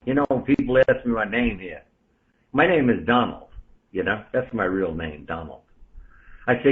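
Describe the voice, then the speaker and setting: Over a thin, tinny radio transmission, a blunt Bronx ham operator holds forth in on-air ranting chat, his brisk, mid-range voice swinging with animated emphasis. He keeps naming and calling out other listeners on the channel.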